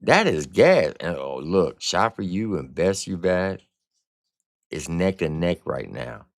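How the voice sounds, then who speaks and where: Deep, slow, slangy male reviewer. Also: very animated, gravelly, no room sound, studio quality. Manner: slangy, blunt and profane. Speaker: music reviewer and streamer host. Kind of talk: casual livestream album review.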